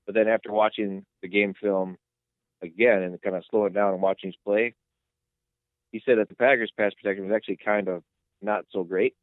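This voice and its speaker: A low-voiced man co-hosts a casual sports podcast, rambling excitedly through each play and getting worked up as he goes, at a brisk pace. The audio is tinny and phone-like, dry with no echo or room sound.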